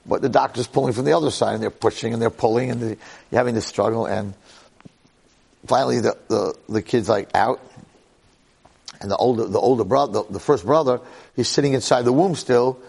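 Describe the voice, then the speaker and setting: A man giving an animated storytelling Torah lecture, repeating phrases and checking in with the listeners. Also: mid-range voice, brisk, vocal fry, husky.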